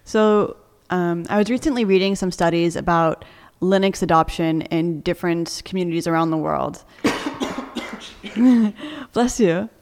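A woman's voice: on the low side, a little slow, big-room sound. A woman co-hosting a casual podcast, arguing her points with energy and laughing often. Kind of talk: casual debate chat.

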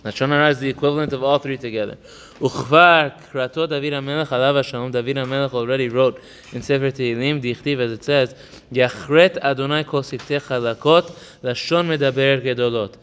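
Fast-talking man teaching a religious text. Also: medium pitch, fairly even intonation, fairly bright tone, clean tone, in a large hall. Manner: reads Hebrew text quickly, then explains it in English; chatty, asks "right?" often. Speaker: Torah teacher. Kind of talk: text study lesson.

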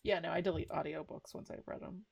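Very creaky-voiced blunt woman co-host. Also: lowish voice, steady tone, fast. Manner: blunt, offhand, swears casually. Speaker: podcast co-host. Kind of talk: casual chat.

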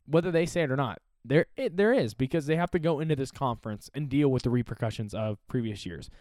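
A man talks through college sports on his own, casual and opinionated, with a teasing, animated delivery. His voice sits in an ordinary middle pitch. The recording is dry and close, with no room sound. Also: fast talker, dry recording. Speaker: sports commentator. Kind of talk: casual solo commentary.

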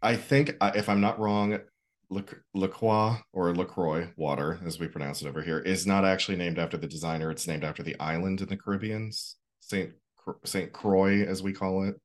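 A man co-hosting a podcast, chatting in a rambling, animated way. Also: low-pitched, brisk, hardly any pauses. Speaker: podcast co-host. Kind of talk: casual chat.

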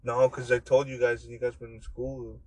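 A young man in relaxed, profane chat with a friend, laughing often. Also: mid-range voice, fairly quick, low-quality recording. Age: young adult. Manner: laid-back, profane, laughing. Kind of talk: casual chat.

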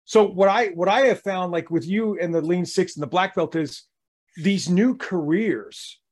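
A man's voice: sits high, a little slow. A male podcast host talking with energy and emphasis, acting out little quotes as he makes his points. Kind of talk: casual podcast conversation.

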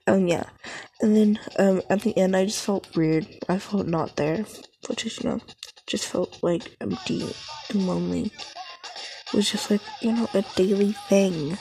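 A woman's voice: medium pitch, a little slow, mellow, faint music behind, rough recording. A teenage girl telling a rambling, casual story, full of fillers and swearing.

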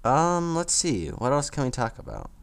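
A man hosting a solo podcast, rambling casually with lots of fillers and quick laughing asides. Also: fairly high pitch, lively intonation, clear, resonant tone. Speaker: podcast host.

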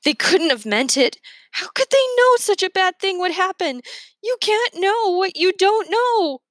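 A woman's voice: extremely high pitch, sing-song, a little slow, a bit bright, dry recording, voice pushed up, full character voice. Casting: a woman doing an upset twelve-year-old boy, strained and pleading, in a dry booth read. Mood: desperate.

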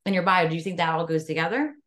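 A woman hosting a podcast and coaching clients, speaking in an energetic, affirming, conversational way. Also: lowish voice, rapid-fire. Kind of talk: casual podcast interview.

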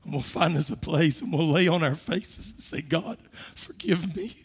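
Man, middle-aged pastor, sermon delivery, rises from hushed to loud. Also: a little high, fairly even intonation, normal speed, husky. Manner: preaching with swells from soft to loud.

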